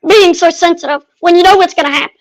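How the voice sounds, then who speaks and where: A woman's voice: extremely high pitch, fast talker, poor audio. A woman co-hosting a casual chat, mostly giving short agreements and asking questions. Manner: brief agreeing interjections, questions. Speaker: co-host.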